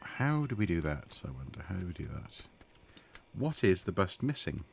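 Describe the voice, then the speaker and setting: A man casually commenting on his own gameplay as he streams, excitable and talking to the characters on screen. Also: sits low, normal speed, gravelly, soft background music. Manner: excitable, talks to the game characters.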